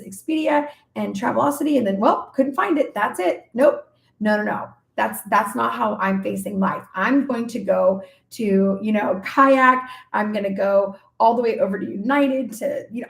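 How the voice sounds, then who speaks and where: A woman in her forties hosting a live podcast talk, teaching in an animated way and acting out her own inner questions as quoted asides. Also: on the high side, creaky. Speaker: podcast host and speaker. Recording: roomy echo.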